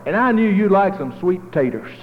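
A man's voice: high voice, expressive, pitched above the performer's own voice. A man preacher voicing a kindly, generous neighbor man bringing food, in a tinny, echoey recording. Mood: eager. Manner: folksy, eager, fast. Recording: tinny phone-like echoey hall.

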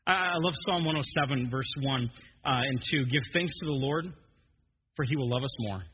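A man preaching a joking, animated sermon as a pastor, stumbling and restarting often. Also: medium pitch, moderate pace, a little hiss or hum. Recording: dull muffled sermon recording in a long-echo hall.

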